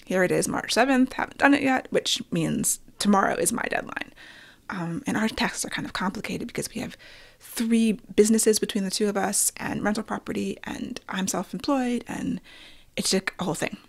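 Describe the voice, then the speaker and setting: A woman's voice: medium pitch, normal speed, gravelly. A middle-aged woman hosting her own podcast, chatting candidly and with self-deprecating humor about films and her week. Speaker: podcast host. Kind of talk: casual solo podcast chat.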